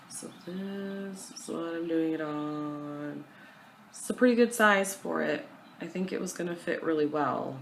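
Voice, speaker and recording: Chatty woman with a low, gravelly voice. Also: a little hiss or hum, low-quality recording. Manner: chatty and self-deprecating, with many fillers. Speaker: cross-stitch vlogger. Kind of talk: casual chat to camera. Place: at home.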